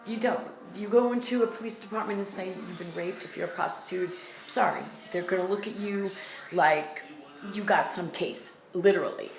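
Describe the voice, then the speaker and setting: Blunt New woman vlogger, low gravelly voice, emphatic and repetitive, echoey room with faint music. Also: moderate pace. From the Bronx, New York. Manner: emphatic and blunt, repeating phrases for weight. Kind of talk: candid personal storytelling to camera.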